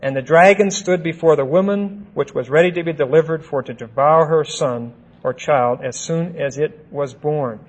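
A man teaching the Bible verse by verse, deliberate, stressing single words and checking in with "see?" and "okay?". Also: a little high, breathy edge, rough recording.

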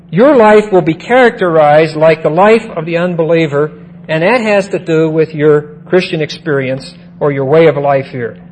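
A man's voice: fairly high pitch, slight background noise, rough recording. A man teaching a Bible lesson in a sermon style, who often repeats key phrases and checks in with his listeners.

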